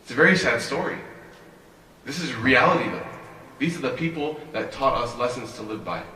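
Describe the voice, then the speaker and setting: A man's voice: mid-range voice, lively intonation, moderate pace, sharp tone. A man giving a sermon as an imam, telling stories animatedly and asking rhetorical questions. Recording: echoey hall, voice from a distance.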